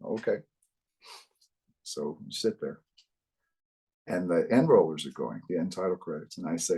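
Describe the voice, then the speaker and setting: An older man from the US East Coast, a guest in a casual interview, telling wry, animated stories. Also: deep voice, moderate pace, gravelly, long pauses, slightly rough, low-quality recording. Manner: wry, animated anecdotes with acted quotes. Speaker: guest, author.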